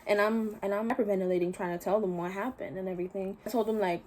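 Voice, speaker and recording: A woman's voice: medium pitch, fast talker, hardly any pauses, darkish tone, slight background noise. A young woman vlogging a casual storytime, retelling events with slang and quoted voices.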